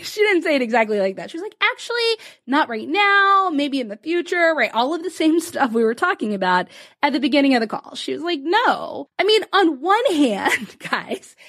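Animated high-voiced woman podcast host. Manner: animated, talks straight to listeners, laughs often. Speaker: podcast host and business coach. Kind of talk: solo podcast storytelling.

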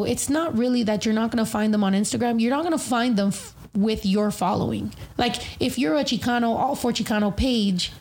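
Young woman, podcast host, casual chat, profane, lots of fillers, higher pitch. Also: darkish tone.

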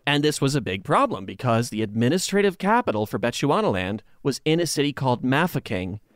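A man's voice: medium pitch, big pitch swings, brisk, no room sound. A man in a casual podcast chat, narrating history with sarcastic, profane asides. His voice is mid-range and sounds dry and close to the mic. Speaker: podcast co-host.

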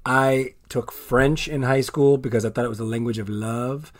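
A man's voice: mid-range voice, level tone, moderate pace. A man from Southern California in a casual chat, defending himself with laughing banter. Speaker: co-host. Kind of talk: casual chat with his partner.

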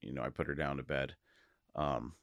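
Very deep-voiced man hosting a podcast. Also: moderate pace, dry recording, studio quality. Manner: chatty and excited, laughs often. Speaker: podcast host. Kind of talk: casual solo podcast monologue.

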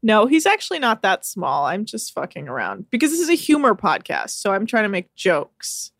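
A woman co-hosting a comedy podcast, recapping a reality show with lively storytelling and deadpan jokes. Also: medium pitch, normal speed, creaky, dry recording, studio quality. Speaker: podcast co-host.

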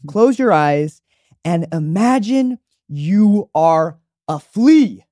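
A man doing an impression of a middle-aged male TV host giving a loud, preachy motivational speech. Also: high voice, animated, very slow, no echo, studio quality, full character voice. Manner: loud, preachy, dramatic storytelling.

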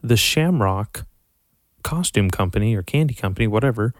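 A young man with a low voice rants about his picks in loose, profane bursts, sighing between thoughts. The sound is dry and close, with no room around it. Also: moderate pace, no room sound. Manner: profane, animated, rambling with frequent sighs. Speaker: vlogger reviewing horror movies. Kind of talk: casual rant to camera.

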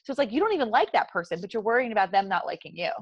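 A meditation guide in her forties with a South Jersey accent speaks earnestly in a podcast interview, animated and working through examples. Her mid-range voice goes very fast, and the recording has no room sound, with the high frequencies cut off.

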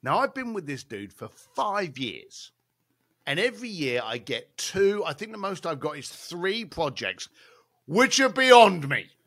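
A man's voice: sits high, a little slow. A man, a guest on an interview show, telling a salty anecdote with lots of asides. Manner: lively, salty anecdotes with frequent laughs and asides. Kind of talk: animated storytelling in a podcast interview.

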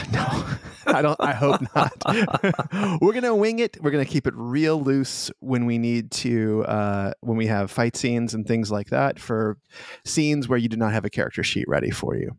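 A man narrating as game master of a tabletop game, halting with many fillers. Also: mid-range voice, no room sound, clean studio sound. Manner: halting, filler-heavy, laughs often.

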